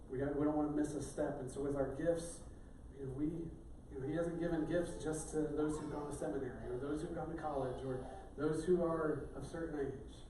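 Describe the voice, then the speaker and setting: A man's voice: fairly high pitch, warm tone, slight background noise. Man preaching in an echoey church. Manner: conversational, joking asides. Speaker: pastor. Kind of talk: sermon. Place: church sanctuary. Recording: echoey church room, distant mic.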